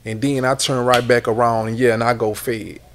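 A middle-aged man, telling stories as a guest in a casual interview, loose and animated, often repeating words. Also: medium pitch, moderate pace, a little hiss or hum.

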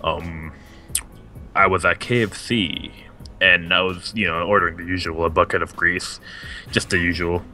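A man puts on a vulgar comedy girlfriend in a skit, talking in a very low voice with a crisp, bright tone. The delivery stays deadpan, and a country twang keeps creeping in. Faint music plays underneath. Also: moderate pace. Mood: deadpan crude. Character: crude foul-mouthed girlfriend played by a man.

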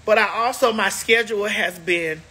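A woman's voice: medium pitch, moderate pace, sharp tone, breathy edge. A woman hosting a casual livestream, chatting to viewers in a sassy, emphatic way, stretching words out for effect. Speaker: livestream host.

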